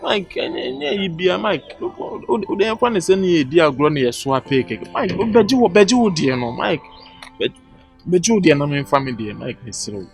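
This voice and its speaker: Man doing high, lively Ghanaian young guy, begging his friend, music under. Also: a little fast, gravelly, full character voice. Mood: pleading. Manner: pleading, repeats his friend's name. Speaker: comedy sketch actor. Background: background music.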